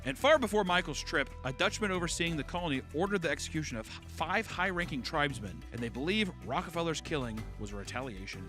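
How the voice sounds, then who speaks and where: A man's voice: on the high side, animated, fast talker, hardly any pauses, pushed and bright, faint music behind. A man hosting a comedy podcast, telling a grim story with sarcastic, jokey asides. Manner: sarcastic, jokey asides and silly put-on voices.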